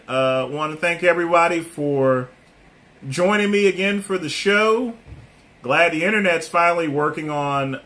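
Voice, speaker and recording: A middle-aged man hosting a casual livestream, answering viewers' comments by name and pausing often on fillers. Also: fairly high pitch, bright, forceful tone. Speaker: livestream host.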